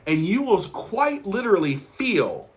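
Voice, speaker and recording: On his own show, a young man gives a motivational talk in a high voice with big pitch swings, speaking a little slowly. He is earnest and emphatic, driving points home by repeating important lines.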